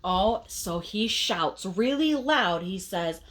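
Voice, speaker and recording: A woman reading a picture book aloud to children in an expressive way, pausing to ask the listeners questions. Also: medium pitch, a little hiss or hum.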